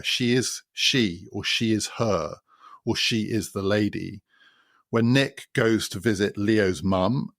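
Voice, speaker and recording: A man hosts a podcast and talks through a novel in an explanatory way. His low voice has a gravelly fry, and he drives points home by repeating them. The sound is close and dry. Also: no echo. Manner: explanatory, builds points by repetition. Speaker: podcast host. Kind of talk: spoken literary commentary.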